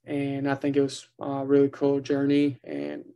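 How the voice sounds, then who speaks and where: A young man from Uruguay, a college basketball player answering interview questions softly with many pauses. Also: medium pitch, monotone, creaky, smooth. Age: young adult. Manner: soft-spoken, many "uh" fillers.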